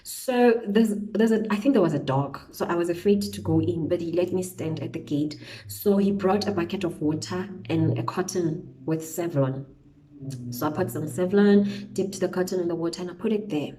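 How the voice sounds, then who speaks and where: A woman's voice: fairly low pitch, normal speed, low-quality recording. Chatty woman telling a storytime over makeup. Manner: chatty, animated storytelling with slang interjections. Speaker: beauty vlogger. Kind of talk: storytime while doing makeup. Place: indoors at home, windy outside.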